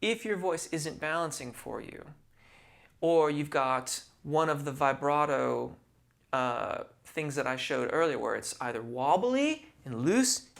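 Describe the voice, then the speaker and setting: A man's voice: fairly high pitch, lively intonation, creaky, a bit bright. Patient man teaching singing technique. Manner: measured, patient, explains at length; uses technical singing terms. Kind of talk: explanatory vocal lesson.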